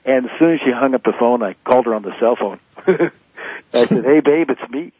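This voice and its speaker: A man's voice: medium pitch, lively intonation, fairly quick, husky, dry recording. A man in his fifties, a motivational speaker, talking emphatically as a guest in a phone-in radio interview. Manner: emphatic, preachy motivational delivery. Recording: tinny phone line.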